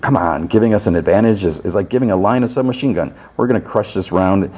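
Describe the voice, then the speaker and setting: A man voicing a brash, cocky young male driver who talks up his chances excitedly. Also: lowish voice, quick pace, voice pushed up, close to an everyday voice.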